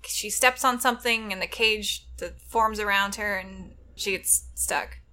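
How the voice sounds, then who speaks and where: A woman co-hosting a podcast, recapping a film in animated, exasperated casual chat. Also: mid-range voice, unhurried. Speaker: podcast co-host.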